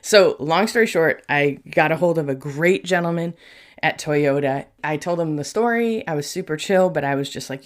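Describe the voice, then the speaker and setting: A middle-aged woman with a slightly low voice, hosting a faith podcast. She talks in a warm, chatty rush and keeps addressing her listeners directly. Her delivery is earnest and lively. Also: normal speed. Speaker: podcast host and Christian life coach. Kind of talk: casual faith-based podcast monologue.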